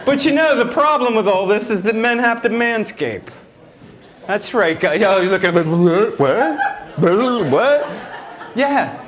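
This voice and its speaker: Animated stand-up man, high lively voice. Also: normal speed. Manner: animated, acts out quotes. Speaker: stand-up comedian. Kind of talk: stand-up comedy set. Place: night club stage. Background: laughing crowd.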